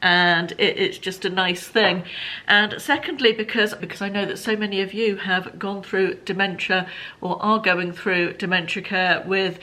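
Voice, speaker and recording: A woman's voice: lowish voice, bright, forceful tone. A woman in her fifties from England, chatting to camera in a casual home vlog with frequent ums and asides. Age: 50s. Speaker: vlogger.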